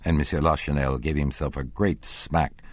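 A man reading a classic novel aloud as an audiobook narrator, expressive and lively. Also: rumbling low, moderate pace, dry recording.

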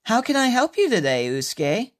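A woman's voice: a little high, very animated, normal speed, pitched above the performer's own voice. A woman voicing a polite, helpful female bank teller. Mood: obliging. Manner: courteous, helpful.

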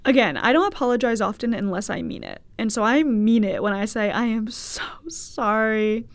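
A woman's voice: mid-range voice, a little fast, gravelly. A young woman hosting a podcast, telling a personal story in casual, candid chat with frequent swearing and laughter. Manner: candid, swearing, laughing, animated quoted voices. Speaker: podcast host.

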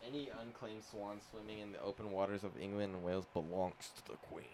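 Young guy podcaster reading weird facts, kinda low voice, swears a lot, faint hiss behind. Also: fairly even intonation, fast, a little mellow. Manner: joking, swears a lot, reads facts aloud. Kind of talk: casual chat.

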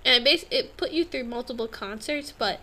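A woman's voice: on the high side, fairly quick, bright, forceful tone. A young woman co-hosting a casual gaming podcast, upbeat and giggly, full of fillers. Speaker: podcast co-host. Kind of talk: casual chat.

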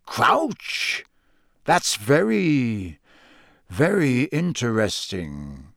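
A man voicing a gruff, grim older male wizard who talks slowly and mutters. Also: mid-range voice, huge pitch swings, a bit bright, dry recording, clean studio sound, exaggerated voice. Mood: guarded. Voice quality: gruff, growling. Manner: slow, muttering.

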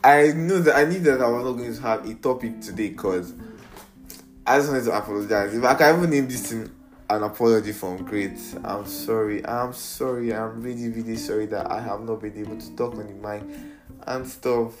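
A man's voice: mid-range voice, brisk, soft background music. Playful young Nigerian man rambling. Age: young adult. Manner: playful, rambling, mixes in pidgin slang. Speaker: podcast host. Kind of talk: casual solo podcast chat. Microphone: iPad.

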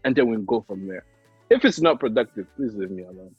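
A man's voice: mid-range voice, expressive, fast, slightly rough, dry recording, lo-fi sound, faint music behind. A man in casual podcast chat, laid-back, laughing often and talking with lots of fillers.

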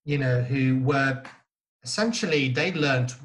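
A man's voice: mid-range voice, unhurried, a bit bright. A man from Italy chatting as a podcast guest. He talks in short, restarting phrases and leans on fillers as he builds his points. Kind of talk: casual conversational chat.

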